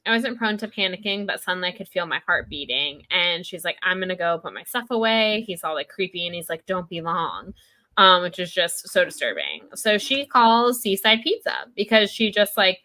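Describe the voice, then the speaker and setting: Bright-voiced woman chatting casually. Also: fairly low pitch. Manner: chatty, heavy use of "like", retells scenes with quoted lines. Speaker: podcast co-host. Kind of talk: casual book discussion.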